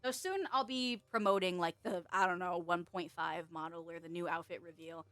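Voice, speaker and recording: A woman's voice: lowish voice, normal speed, a bit bright, clean tone, dry recording. A young woman chatting casually on a live stream, rambling, giggling often and swearing offhand.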